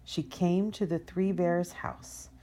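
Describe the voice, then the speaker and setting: A woman reading a children's story aloud as storyteller in an expressive way. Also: fairly low pitch, takes it slowly.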